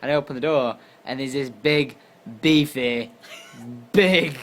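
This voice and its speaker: A tired young man from England telling a story casually to camera, acting out his own lines with sudden jumps in pitch and loudness. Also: takes it slowly, soft background music. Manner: animated, acts out quotes with jumps in pitch and volume. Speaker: YouTuber.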